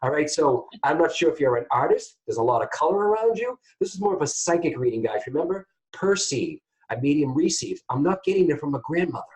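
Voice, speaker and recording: A man hosting a call-in psychic reading show, chatty and animated, often turning to address his listeners. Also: fairly high pitch, quick pace, hardly any pauses, rough recording. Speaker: psychic medium host.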